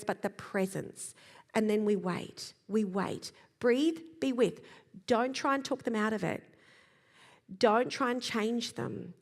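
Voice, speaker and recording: A middle-aged woman giving a calm, gentle talk on parenting to a live audience, pausing to demonstrate slow breaths and sighs. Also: on the high side. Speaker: parenting speaker. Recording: long reverb of a large hall.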